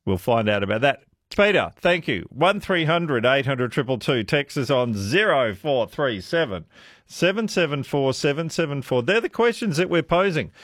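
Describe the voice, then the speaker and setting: A man hosts talkback radio, musing aloud with strings of questions. His voice rides up and down with lively pitch. It sits close and dry on the studio mic. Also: normal speed, no room sound. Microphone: studio microphone.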